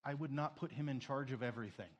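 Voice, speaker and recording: A man preaching a sermon, emotional, swinging between loud emphasis and a soft hush, tearful at moments. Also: medium pitch, fast talker, dull audio. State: crying. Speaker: pastor.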